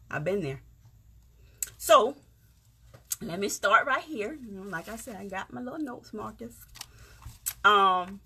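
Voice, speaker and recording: A woman from South Carolina with a Lowcountry Gullah-Geechee accent, chatting on a livestream in a folksy way and greeting viewers by name. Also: bright, forceful tone, slightly rough. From Yamassee, South Carolina. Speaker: livestream host. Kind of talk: casual encouraging livestream talk. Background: faint music.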